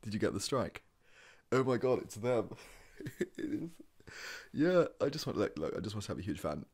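A man voicing a giddy, starstruck young fan in whispered role-play. He gushes in a fast, breathless rush. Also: lowish voice, very animated, a little mellow, slightly rough, pitched below the performer's own voice, full character voice.

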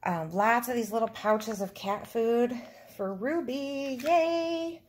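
A middle-aged woman vlogging casually, excitable and gushing, often giggling, first from a car at night, then at a table indoors. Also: on the high side, a little slow. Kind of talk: casual vlog chat.

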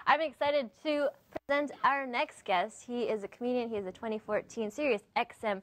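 A woman's voice: on the high side, normal speed, fairly bright tone, no room sound. A woman hosting a late-night TV show in a studio, introducing acts in an upbeat way. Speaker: TV show host.

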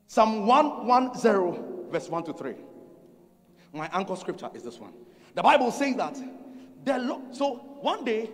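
High-voiced Ghanaian preacher, animated. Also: male voice. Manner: emphatic repetition and call-and-response with the congregation. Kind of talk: sermon. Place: large conference hall. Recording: reverberant hall, faint music behind.

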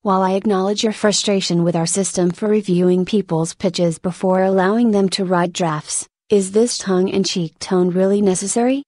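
A woman voicing a composed senior male reviewer who speaks formally and in measured terms, in a spoken story reading. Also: medium pitch, steady tone, a little mellow, dry recording, clean studio sound, natural voice.

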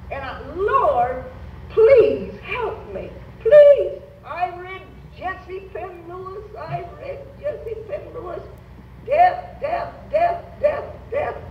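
At a church meeting, an older Pentecostal Bible teacher delivers a sermon in a high, melodic voice with wide rises and falls, taking her time over each phrase. She emphatically urges the congregation to repeat phrases aloud. The lo-fi recording is made from afar in a roomy church hall with faint hiss.

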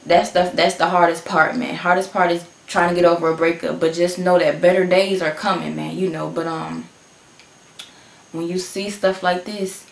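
Woman, gravelly voice, casual heartfelt reaction chat, roomy echo. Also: lowish voice, level tone, moderate pace. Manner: emotional, heartfelt, repeats herself. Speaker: reaction video host.

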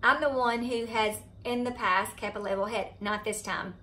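Southern woman, middle-aged, bright tone, animated storytelling, faint hiss behind. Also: fairly high pitch, moderate pace. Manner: chatty, animated retelling of a scary event. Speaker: vlogger. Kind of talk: casual storytelling to camera. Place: home, indoors.

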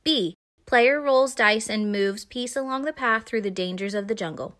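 A woman voicing a bossy, excitable young girl in a storybook read-aloud. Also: fairly high pitch, moderate pace, lightly acted. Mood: eager. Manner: eager, commanding.

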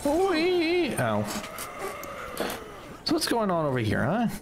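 A man streams his gameplay and rants in a profane, exasperated way, his voice leaping around as he complains. Steady noise hums clearly behind him. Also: fairly high pitch, a little slow. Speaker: gaming streamer. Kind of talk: let's play commentary.

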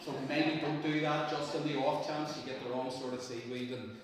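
A man tells a story to a family congregation in a slightly higher voice, tossing questions out to the room. He is recorded from far off, with a long echo in a big church. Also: normal speed, slight background noise. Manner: lively, asks the congregation questions. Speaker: minister telling a children's story.

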